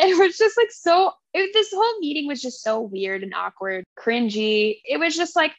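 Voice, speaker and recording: A woman co-hosting a casual book chat, animated and acting out character lines as she talks. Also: high voice, moderate pace, hardly any pauses, dry recording, dull audio. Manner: animated, acts out character dialogue. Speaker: podcast co-host.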